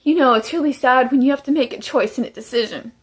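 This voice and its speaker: A woman's voice: high voice, fast. A woman giving emotional testimony as a former inmate, urgent and pleading. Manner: urgent, pleading, tearful at times.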